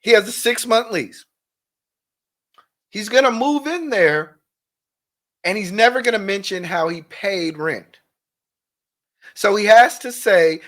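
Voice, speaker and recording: High, animated male commentator. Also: slow, long pauses. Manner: emphatic, repeats words to drive points home. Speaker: commentary host. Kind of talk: casual commentary on a played clip.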